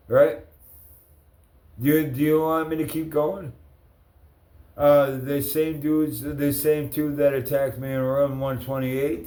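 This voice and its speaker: A man's voice: medium pitch, mellow. A man delivering an angry, profane personal rant, speaking straight to the people he accuses. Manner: profane, confrontational, addresses people directly. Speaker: vlogger ranting to camera. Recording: echoey room.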